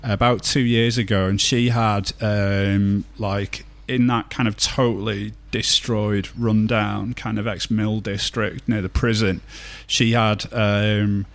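A man's voice: fairly low pitch, little pitch movement, slow pace, hardly any pauses. A man hosting a podcast, telling a chatty anecdote in casual conversation. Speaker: podcast host. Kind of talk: casual chat.

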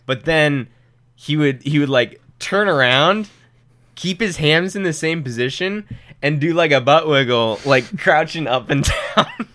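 A man's voice: fairly high pitch, animated, measured pace, fairly bright tone, no room sound. A young man in casual chat, telling stories animatedly and swearing often.

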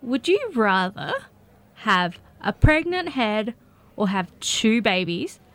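A woman's voice: fairly high pitch, very animated, takes it slowly, exaggerated voice. A woman playing a brash, boozy friend. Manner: pushy, flirty, loud. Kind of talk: comedy audio drama.

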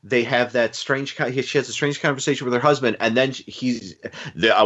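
This podcast co-host has a mid-range, slightly breathy voice and talks fairly quickly over dull-sounding audio. Chatting casually about a TV movie, he rambles, restarts often, leans on fillers and retells things with animation.

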